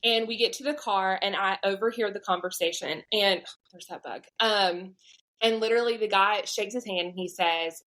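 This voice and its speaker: A woman's voice: medium pitch, moderate pace, fairly bright tone, poor audio. A woman in her thirties with a Southern US accent, a podcast guest telling a personal faith story animatedly and acting out the voices of people she quotes. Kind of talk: storytelling testimony.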